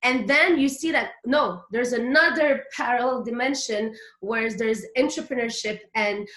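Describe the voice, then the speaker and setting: A woman's voice: fairly high pitch, a bit bright, echoey room. A woman in her thirties with a Quebec French accent, a native French speaker, giving a chatty, hyper motivational business talk as a guest speaker, full of fillers.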